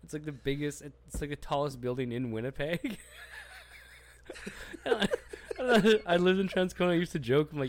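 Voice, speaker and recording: A man's voice: fairly high pitch, normal speed, long pauses. A man co-hosting a comedy podcast, joking and laughing through his stories in casual banter. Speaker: co-host.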